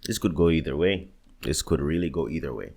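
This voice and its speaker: A man's voice: very deep voice, expressive, a little fast, creaky, darkish tone, breathy edge. A young man in casual reaction commentary, agonizing over picks between songs, swearing and muttering to himself. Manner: agonized, swears often, talks to himself while choosing. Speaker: music bracket creator.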